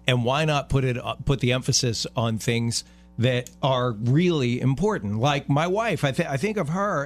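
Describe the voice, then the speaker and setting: A middle-aged man co-hosting a talk radio show, speaking earnestly and emphatically in a casual way, often restarting his phrases. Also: medium pitch.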